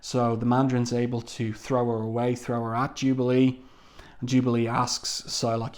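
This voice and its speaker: A man's voice: mid-range voice, completely flat delivery, normal speed, a little mellow. A man reviewing a comic book, walking through the panels in casual narration with frequent ums. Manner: walks through panels, reads dialogue aloud, frequent ums.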